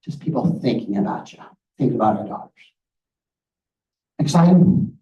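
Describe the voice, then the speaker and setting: In a meeting room, a middle-aged guest speaker on grief presents with slides in a medium-pitched, creaky, very animated voice at a moderate pace. Earnest and direct, he frequently asks "okay?", and the recording sounds roomy, distant, and muffled.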